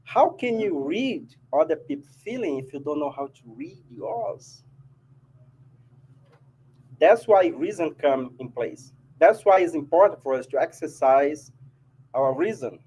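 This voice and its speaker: Slight background noise and rough recording quality accompany this Brazilian Portuguese-accented spiritist speaker as he chats informally about spiritual matters in a society meeting hall. He's expressive and unhurried, his darkish voice on the high side, and he keeps checking in with "right?".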